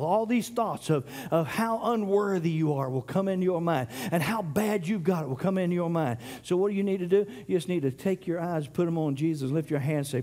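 Male preacher, high voice, passionate church sermon, surges and drops, restless repeats. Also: a little fast, hardly any pauses, darkish tone. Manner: impassioned, rises and falls, stumbles and repeats.

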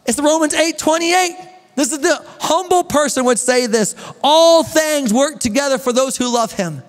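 A man with a very high voice preaches to his congregation, telling a story and tossing questions to the crowd with a joke now and then. The sound rings out with a long echo through a church hall. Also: moderate pace. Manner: storytelling, asks the congregation questions, jokes and laughs. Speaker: pastor. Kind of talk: sermon.

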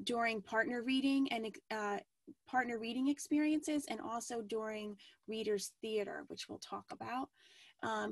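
A woman teacher presenting an educational webinar in a measured way, with frequent ums and restarts. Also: fairly high pitch, no room sound.

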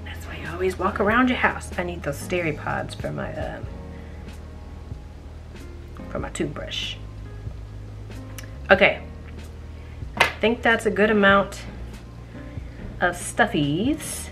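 A young woman talking straight into her phone camera in a casual vlog, hopping between shopping lists and fired-up story times. Her voice sits at an ordinary pitch for a woman and swings into exasperated bursts. A clear music bed plays under her the whole time. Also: unhurried, long pauses. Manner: chatty, animated storytelling with exasperated outbursts. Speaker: vlogger. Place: home, then out running errands.

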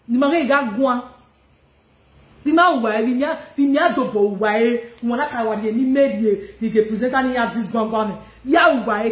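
A high-voiced woman with a Nigerian accent, recorded with reverb, launches a heated live-stream rant. She is confrontational, repeating her questions and moving between languages mid-sentence.

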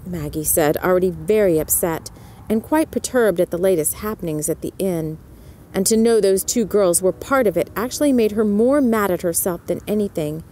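Soft-voiced woman, whispered role-play storyteller. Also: normal speed. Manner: soft storybook narration, raising pitch for female characters.

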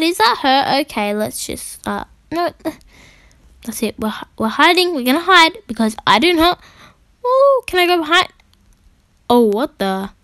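A woman's voice: fairly high pitch, a bit bright, dry recording. A woman hosting her gaming channel, chatting casually through her gameplay with frequent gasps and exclamations. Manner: chatty, giggly, gasping and exclaiming.

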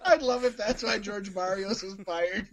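A man with a high-pitched, slightly bright voice and lively intonation speaks unhurriedly. As a podcast co-host he giggles a lot, jokes around, and reads news items in casual comedic chat.

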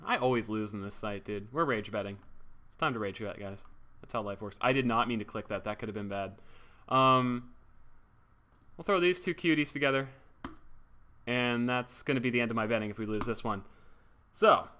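A man's voice: medium pitch, bright, forceful tone, smooth. A young man streaming a game, chatting casually, joking, swearing and thanking subscribers as he reads the chat. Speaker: livestreamer.

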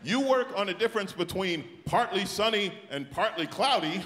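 A man doing live stand-up in a large theatre, ranting loudly and mocking people in put-on voices. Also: sits high, animated. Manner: loud, rapid rants with mocking put-on voices. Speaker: stand-up comedian. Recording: echoey theatre with crowd noise. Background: audience laughter and applause.

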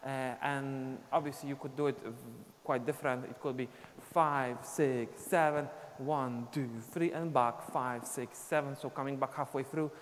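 A man's voice: medium pitch, steady tone, normal speed, hardly any pauses. A man teaching a live online dance class, explaining steps and counting beats aloud as he dances. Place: dance studio. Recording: long reverb, faint ambient noise.

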